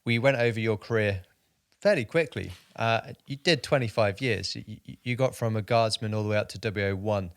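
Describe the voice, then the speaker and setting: A man's voice: fairly low pitch, brisk, clear, resonant tone, no room sound, clean studio sound. A man hosting a podcast interview, asking questions and giving brief encouraging replies. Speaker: podcast host.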